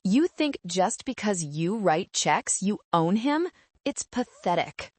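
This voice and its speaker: A woman's voice: mid-range voice, sing-song, slow, no echo. A woman voicing a scornful young bride-to-be who talks down to people in a sneering, condescending way.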